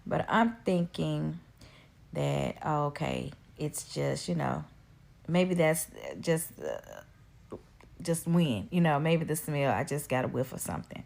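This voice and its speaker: A woman who provides post-op care, retelling an incident in an animated way with quoted dialogue. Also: low voice, takes it slowly, gravelly. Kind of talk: storytelling in a clip.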